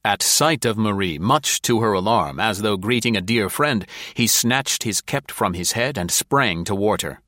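A man narrating an audiobook in a measured, formal storytelling manner. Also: on the low side, expressive, bright, forceful tone, no room sound, studio quality.

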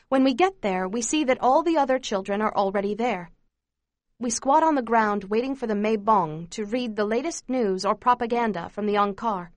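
A woman giving steady, measured first-person narration of a memoir as an audiobook reader. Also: fairly high pitch, dry recording, studio quality.

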